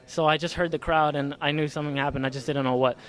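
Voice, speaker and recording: Casual young male athlete, slightly high. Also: fairly even intonation, fast talker, fairly bright tone. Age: young adult. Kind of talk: post-competition interview.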